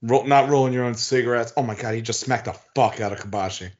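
A man of middling pitch banters crudely and swears freely as he reacts to a match. The recording sounds slightly dull and lo-fi. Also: quick pace. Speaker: podcast co-host. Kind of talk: casual banter watching wrestling.

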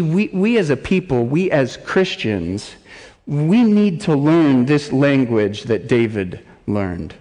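A man preaching a sermon as pastor, building from quiet gravity to impassioned cries when he reads laments aloud. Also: a little high, big pitch swings, normal speed. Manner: impassioned, rising to near-shouts when reading laments. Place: church sanctuary. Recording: long church hall reverb.

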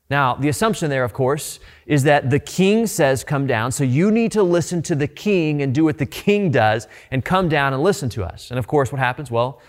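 A middle-aged male pastor delivering a sermon in an easy, conversational way. He stresses his points and circles back with repeated phrases to drive them home. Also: medium pitch.

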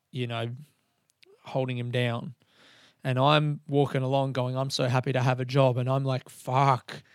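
A man's voice: mid-range voice, smooth, no room sound, studio quality. Rambling, self-mocking man, thirty. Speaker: podcast host. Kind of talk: solo podcast monologue.

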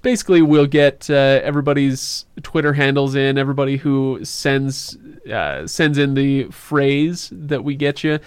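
A man's voice: medium pitch, moderate pace, few pauses, clean tone, no echo. A man hosting a casual podcast, talking in a loose, joking way with plenty of filler words. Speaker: podcast host.

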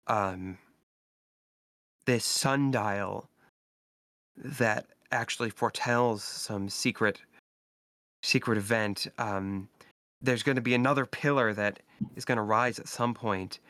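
A man's voice: medium pitch, slow pace, long pauses, fairly bright tone, dry recording, clean studio sound. A man voicing a gullible male believer who whispers conspiratorially about a cult and shows off a protective charm. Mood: eager. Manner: eager, conspiratorial.

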